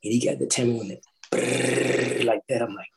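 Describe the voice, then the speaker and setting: A middle-aged man, a former orchestral timpanist, telling an animated story in a roundtable talk, acting out quotes and singing drum parts. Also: mid-range voice, very fast, vocal fry, poor audio. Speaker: orchestral timpanist recalling his start.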